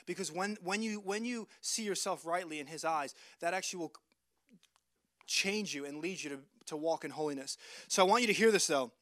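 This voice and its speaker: A man preaching a sermon. He speaks earnestly and emphatically, repeats words as he restarts phrases, and drops soft and low for emphasis. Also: fairly quick, no room sound, studio quality.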